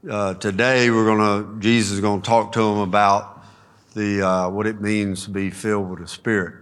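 A man opening a sermon as pastor in a calm, measured way. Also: lowish voice. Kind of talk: sermon introduction.

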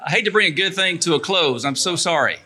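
A middle-aged man, leading a church service in a lively, chatty way, reading scripture and praying. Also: fairly high pitch, quick pace, slightly rough. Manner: lively, chatty, laughs easily. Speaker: pastor. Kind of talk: church announcements and prayer.

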